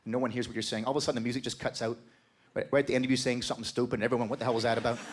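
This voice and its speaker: Fast-talking male stand-up comic. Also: mid-range voice, little pitch movement. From Canada. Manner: rambling storyteller, crude jokes, talks to the crowd. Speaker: stand-up comedian. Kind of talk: stand-up comedy set. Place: comedy club stage with live audience.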